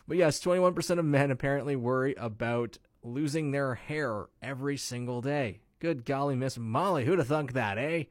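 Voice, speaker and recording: A man's voice: on the high side, very animated, normal speed, dry recording, studio quality. A man hosting a radio show, chatting in a jokey, playful way with mock-dramatic asides. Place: radio studio. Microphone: studio mic.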